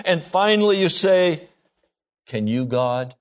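Older man, preacher, sermon, emphatic, mid-pitched voice. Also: animated, measured pace. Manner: emphatic, acts out quoted prayers with rising pitch.

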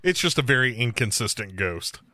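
Bright-voiced man in casual chat. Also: medium pitch, very animated, moderate pace, dry recording, studio quality. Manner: loose and profane, with frequent fillers. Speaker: podcast host recapping a TV series.

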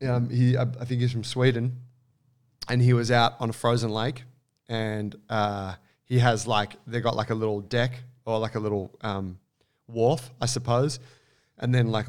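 Guy, casual co-host, rambly storyteller, clear smooth tone. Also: on the low side. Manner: rambling, animated, many fillers and restarts.

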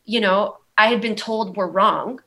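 A woman's voice: mid-range voice, measured pace, sharp tone. A young woman with a Valley girl accent, telling her story in a rambling, candid way, full of "like" and "um". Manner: rambling, heavy use of "like" and "um". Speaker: guest.

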